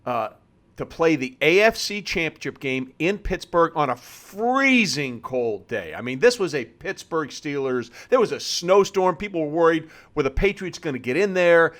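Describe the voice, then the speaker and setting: A man's voice: on the high side, very animated, moderate pace, fairly bright tone. A man hosting an interview, recapping past events at length before handing over to his guest. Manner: sets up questions with narrative recaps. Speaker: podcast host.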